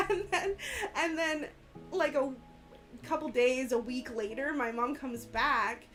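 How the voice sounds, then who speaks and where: A woman's voice: high-pitched, slow, faint music behind. A woman in her thirties, a podcast guest chatting casually and retelling family stories with lots of laughter. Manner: laughing storyteller, animated retelling. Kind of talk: casual chat.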